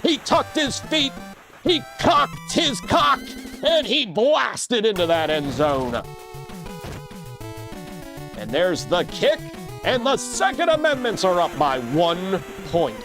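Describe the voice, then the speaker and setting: A man calls play-by-play for a video game football match in a high, very lively voice that jumps up into shouts on big plays. His delivery is comedic and crude, full of quick jokes. Music plays clearly in the background. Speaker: play-by-play commentator.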